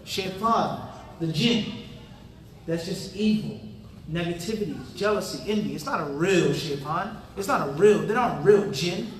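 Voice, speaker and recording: Speaking unhurriedly in a high-pitched voice, a man teaches Islam to an audience in a mosque hall. He keeps quizzing them with fill-in-the-blank prompts and tosses in casual street talk, recorded from a distance in the spacious hall.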